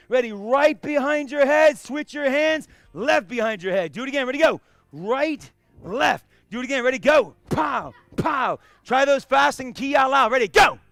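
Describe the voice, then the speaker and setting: A man teaching a live karate class, calling out short commands and shouting kiais. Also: very high voice, vocal fry, no echo. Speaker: karate instructor. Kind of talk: live martial arts class instruction. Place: karate studio.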